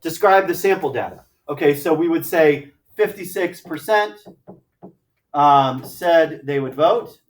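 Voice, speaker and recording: A man teaching a high school math class, lecturing conversationally and often checking in with "right?" and "okay?". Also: lively intonation, a little slow, far from the mic. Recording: echoey classroom, mic from afar.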